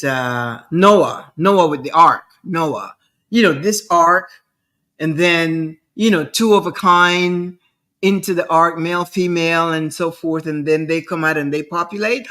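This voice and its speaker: A middle-aged woman hosts her own show, talking in a loose, rambling monologue. She speaks slowly and unhurriedly, stumbling over repeated words as she drives her points home. Her voice has a bright, forceful edge. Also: on the low side. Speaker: show host. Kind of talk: casual monologue.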